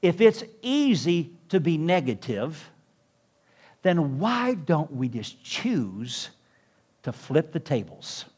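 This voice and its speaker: A man's voice: on the high side, big pitch swings, takes it slowly, a little mellow, husky. A man preaching as a pastor to a congregation, with emphatic rising peaks in his delivery. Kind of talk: sermon. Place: church room with congregation.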